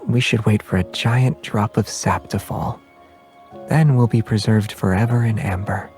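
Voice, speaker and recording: An actor playing a calm, gentle young man, with a soft voice and an unhurried, tender way of talking in a game. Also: fairly low pitch, faint music behind, close to an everyday voice. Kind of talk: game voice acting.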